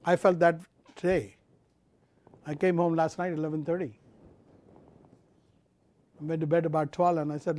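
Impassioned high-voiced male preacher. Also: little pitch movement. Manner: impassioned, swinging from loud emphatic to quiet low; repeats phrases, draws out key words slowly. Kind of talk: sermon.

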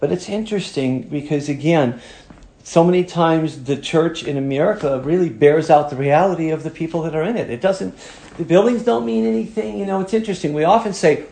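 A man preaching with fervent, emphatic force, his voice sitting a little higher than most men's. The sound rings around an echoey room. He presses his points hard and keeps building intensity. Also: fairly quick, vocal fry, warm tone. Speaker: pastor. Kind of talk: sermon.

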